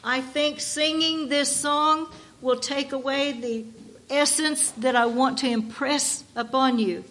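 A woman delivers a sermon in a high voice, taking her time. She leans hard on each phrase, stretching words out as she reads, and often restarts her sentences. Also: fairly even intonation, a bit bright, slight background noise. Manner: slow, emphatic reading with drawn-out words. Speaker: preacher.

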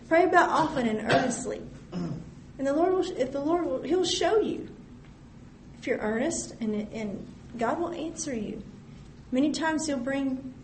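Woman Bible teacher, high voice, earnest sermon, roomy recording. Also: a little mellow, a little hiss or hum. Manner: earnest, reads scripture aloud, acts out prayers. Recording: echoey room with faint ambience.

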